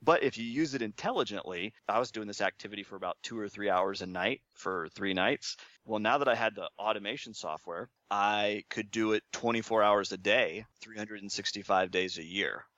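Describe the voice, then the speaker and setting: Low-voiced man telling his story casually. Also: brisk, few pauses, no echo, highs cut off. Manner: relaxed, chuckles often, self-deprecating. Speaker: interview guest.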